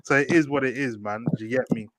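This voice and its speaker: A young man hosting a casual football chat, slangy and animated, often asking "do you get me". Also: medium pitch, fast talker, no room sound. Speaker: host.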